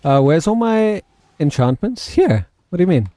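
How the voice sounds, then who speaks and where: A man's voice: high voice, very animated, normal speed, warm tone, dry recording. A South African man hosting a casual game livestream, rambling and answering his chat. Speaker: livestream host and gamer.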